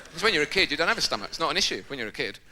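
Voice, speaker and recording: A man doing a live stand-up routine on a theatre stage, lively and jumping into quoted voices and shouts. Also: on the high side, rapid-fire. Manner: animated, jumps into shouted impressions and quoted voices. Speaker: stand-up comedian. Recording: loud background noise, live theatre recording.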